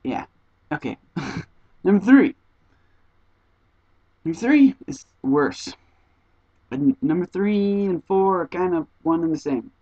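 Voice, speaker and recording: A young man, an exchange student, telling stories to the camera in an animated, casual vlog style, acting out conversations in high squeaky voices. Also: takes it slowly, pauses often, no room sound, muffled recording.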